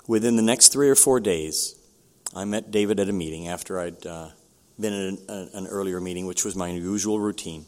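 Older man, candid halting storyteller. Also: sits low. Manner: candid, halting, with many restarts. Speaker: recovery meeting speaker. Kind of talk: personal recovery story.

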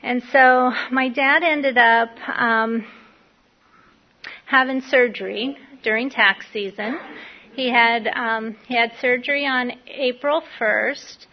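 A woman's voice: fairly high pitch, steady tone, slow. A middle-aged woman giving a candid, rambling personal testimony at a recovery meeting, full of fillers. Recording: dull lo-fi recording.

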